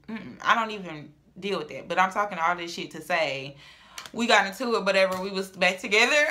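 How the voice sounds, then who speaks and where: A woman's voice: medium pitch, animated, a little fast, a little hiss or hum. A young woman, telling a personal story in a casual, dramatic vlog. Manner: chatty, dramatic, swings from loud to murmured.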